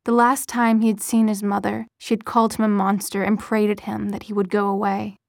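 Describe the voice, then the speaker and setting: A woman narrating a novel in a measured, steady storytelling voice. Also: medium pitch, gravelly, no room sound, clean studio sound. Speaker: audiobook narrator. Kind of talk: scripted audiobook narration.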